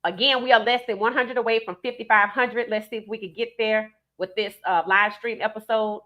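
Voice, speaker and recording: A woman with a New Orleans accent hosts a live stream, offering emphatic, animated commentary and reading viewer comments aloud. Her voice runs on the high side and a little fast, and the audio sounds dull.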